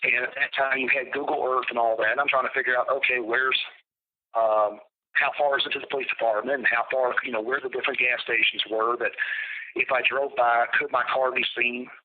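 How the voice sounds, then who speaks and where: A man at an ordinary mid pitch talks down a telephone line, so his voice comes through narrow and tinny. He tells his story bluntly and profanely, in a flat, matter-of-fact way. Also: fairly quick, a little hiss or hum. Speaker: interviewee. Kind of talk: recounting a personal story on a phone call.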